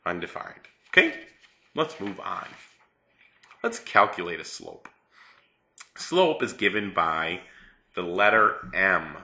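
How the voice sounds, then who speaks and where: Bright, low-voiced male math teacher. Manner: chatty, playful, acts out a story with yelps. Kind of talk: classroom math lesson.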